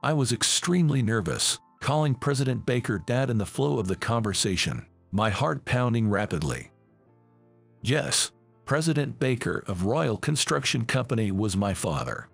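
A man narrating a scripted first-person story in an earnest, steady way. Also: mid-range voice, moderate pace, creaky, soft background music.

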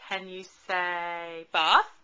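A young mother at home, slowly coaxing her toddler to say words in an encouraging, sing-song way, filmed on a handheld camcorder. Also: fairly low pitch, flat delivery, bright, forceful tone, smooth, muffled recording. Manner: slow, sing-song, encouraging baby talk.

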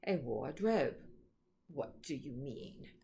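A woman voicing a cold, imperious queen who is a witch, speaking in a haughty, slow and menacing way while reading a storybook aloud. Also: extremely low pitch, lively intonation, vocal fry, warm tone, pitched below the performer's own voice, full character voice. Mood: impatient.

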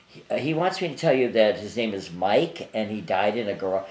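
A man's voice: fairly low pitch, brisk, reverberant. An older man, a psychic guest, telling anecdotes in a rambling, casual way full of fillers and restarts, interviewed in his apartment.

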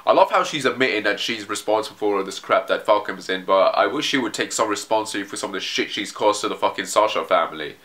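A man's voice: on the low side, expressive, fast talker, hardly any pauses, bright, forceful tone. A man casually commenting on a manga chapter as he reads, rambling and swearing, with frequent restarts. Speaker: manga reaction video host.

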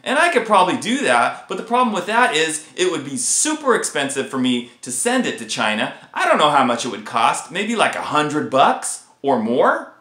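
A man hosting a casual guitar vlog, ranting in an animated, exasperated way about a faulty guitar. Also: fairly high pitch, moderate pace, hardly any pauses, roomy sound. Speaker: guitar video host.

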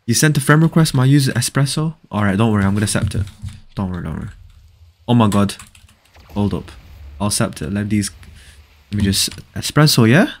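His voice is on the low side and his delivery brisk, broken up by long pauses. He's live-streaming a game, chatting casually and excitably with viewers and often repeating phrases as he reads the chat aloud.

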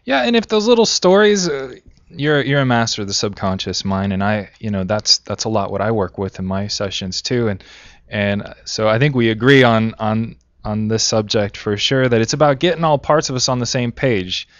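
A man's voice: on the low side, normal speed, no room sound. A man who works as a spiritual life coach, speaking as a guest on a radio talk show in an encouraging, casual way. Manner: encouraging, with frequent restarts. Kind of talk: casual interview chat. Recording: dull lo-fi internet radio sound.

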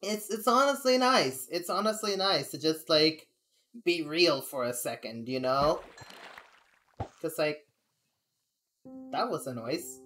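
Low-voiced young woman venting on stream. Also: expressive, slow pace, long pauses, fairly bright tone, soft background music. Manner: rambling, candid venting with frequent laughs. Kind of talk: casual live-stream chat.

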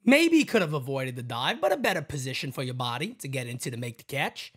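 A man hosting a fan livestream, calling a baseball game pitch by pitch in a casual, excitable way and chatting with viewers between plays. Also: fast, slightly rough. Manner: excitable, jumps to loud calls on big plays. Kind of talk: casual play-by-play with chat shout-outs.

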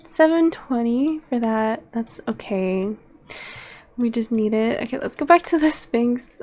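High-voiced young woman narrating her game. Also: takes it slowly. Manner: excitable, gasping and laughing at the game. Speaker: let's play gamer. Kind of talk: casual gameplay commentary.

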